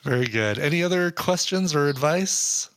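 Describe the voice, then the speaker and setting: A man in casual podcast chat, enthusiastic and quick to agree. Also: a little high, expressive, a bit bright. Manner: enthusiastic, affirming.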